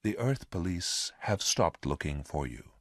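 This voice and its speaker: Man playing a calm alien being, quiet and measured, storybook voice, slow, dry. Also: sits low, no room sound. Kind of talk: storybook reading.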